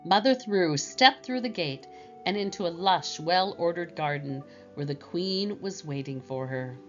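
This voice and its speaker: A woman narrating a children's storybook in a slow, gentle reading manner. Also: on the low side, dull audio, soft background music.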